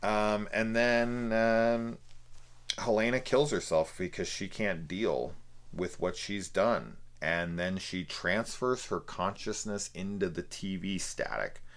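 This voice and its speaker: Man, very low voice, casual movie review, rambling, swears a lot. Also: a little slow, a bit bright. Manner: rambling, swears freely, laughs at the film. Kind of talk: casual film review monologue.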